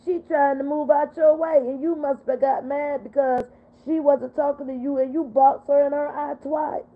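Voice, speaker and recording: Older woman, livestream host, higher voice, heartfelt and repeating herself, tinny phone audio. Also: normal speed. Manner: heartfelt, repetitive, upset but steady. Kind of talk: casual livestream chat.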